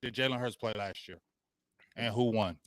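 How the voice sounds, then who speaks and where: A man's voice: fairly low pitch, normal speed. A man with an everyday mid-range voice argues football, cutting in and firing questions while claiming he is keeping cool. It is recorded close and dry, without room echo. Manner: interrupts, claims calm, presses with questions. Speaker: podcast co-host. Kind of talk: heated sports debate.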